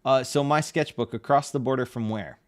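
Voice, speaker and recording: Drawing on a livestream, a Connecticut man with a Northeastern American accent chats easily with viewers in a mid-range voice that moves a little fast. He reads messages from chat out loud and laughs frequently.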